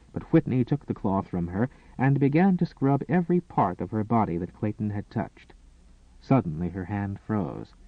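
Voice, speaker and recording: A man narrating a romance novel in a dramatic, expressive storytelling manner. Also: mid-range voice, no room sound. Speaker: audiobook narrator. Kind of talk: scripted narration. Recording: tinny, phone-like and dry.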